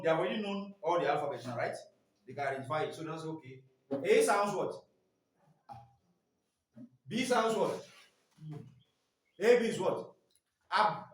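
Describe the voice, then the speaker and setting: A man training teachers in phonics, quizzing the class with repeated "what?" questions. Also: sits high. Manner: quizzing, asks "what?" and waits for answers. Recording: echoey room, mic far off.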